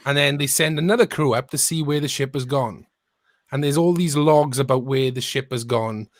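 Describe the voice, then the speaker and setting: Rambling mid-pitched man recounting a film. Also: moderate pace, no echo. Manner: rambling, thoughtful storytelling. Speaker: podcast co-host. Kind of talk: casual chat.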